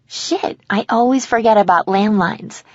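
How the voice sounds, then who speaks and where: A woman's voice: mid-range voice, measured pace, a little mellow, dry recording, muffled recording, lightly acted. A woman voicing an anxious, apologetic young college woman who talks earnestly. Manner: earnest, emotional.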